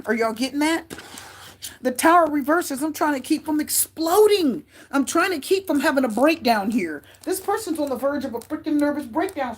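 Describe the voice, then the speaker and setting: High-voiced chatty woman reading tarot. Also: slightly rough. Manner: chatty, repeats herself, talks to viewers. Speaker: tarot reader. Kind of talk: casual tarot reading to camera.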